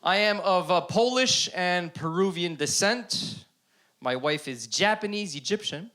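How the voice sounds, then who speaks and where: A man's voice: high voice, animated, a little slow, sharp tone. A man performing a stand-up comedy set on a club stage before a live audience, talking animatedly and acting out the voices in his stories.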